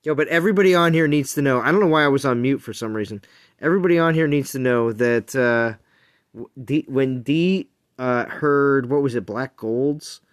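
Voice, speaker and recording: A man hosting a game stream in casual chat, pressing his advice again and again. His voice is mid-pitched and sounds dry and close. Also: normal speed, no echo. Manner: insistent, repeats himself while giving game advice. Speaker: streamer and host.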